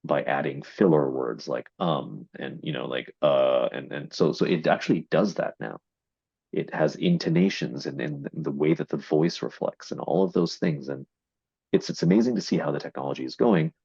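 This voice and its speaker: A man's voice: very deep voice, expressive, normal speed, gravelly, darkish tone, slightly rough, no room sound. A man explaining AI marketing in a business discussion, with many fillers and repeated words. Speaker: AI investment marketing executive. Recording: dull, dry lo-fi audio.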